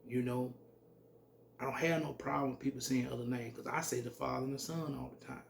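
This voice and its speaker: A man giving an informal scripture teaching, reading verses slowly and then commenting bluntly with salty language. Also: medium pitch, steady tone, creaky, slight background noise. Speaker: religious teacher.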